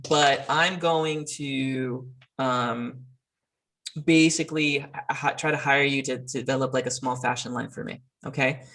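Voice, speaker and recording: A male instructor in a mid-range voice runs an online class. He talks haltingly, with many fillers and restarts. He is heard over a video call. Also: mid-range voice, steady tone, a bit bright.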